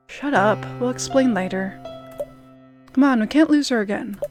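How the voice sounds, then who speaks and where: A woman streaming a story game, reading the characters' dialogue aloud in an unhurried, earnest way. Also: fairly high pitch, over music.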